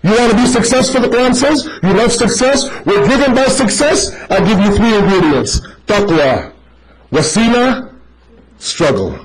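A man with a high, bright-toned voice delivers a sermon to a live gathering. He talks straight to the crowd, calling them brother, and makes his points through short stories. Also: normal speed, rough recording. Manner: animated, addressing listeners directly as brother; tells stories to make a point. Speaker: preacher.

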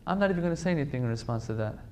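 A man's voice: medium pitch, animated, rapid-fire, darkish tone, clean tone. A man giving a religious lecture to a congregation, emphatic, repeating phrases for stress and pleading directly with his listeners.

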